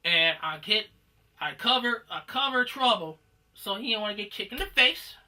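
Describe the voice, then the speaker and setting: Detroit guy ranting a profane gym story, super bright sharp voice, kinda far off the mic. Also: high-pitched, lively intonation, normal speed. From Detroit, USA. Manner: rambling, profane, acts out quoted shouting. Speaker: comedian telling gym stories.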